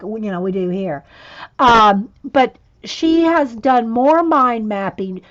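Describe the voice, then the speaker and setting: Here the art-channel host, a middle-aged woman, speaks on the high side through lo-fi audio. She's got the hiccups and drifts along in loose livestream chatter, frequently restarting what she says.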